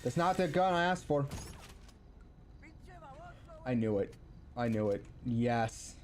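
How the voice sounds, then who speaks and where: A young man chatting casually while streaming a game, rambling and halting with lots of ums and restarts. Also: mid-range voice, expressive, darkish tone. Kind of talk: casual gameplay chat. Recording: faint game noise behind.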